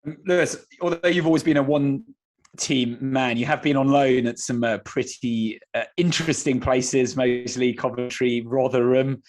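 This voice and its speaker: Man hosting, mid-pitched and easygoing. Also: steady tone, darkish tone, slight background noise. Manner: conversational questions with filler pauses. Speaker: podcast host. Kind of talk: casual podcast interview.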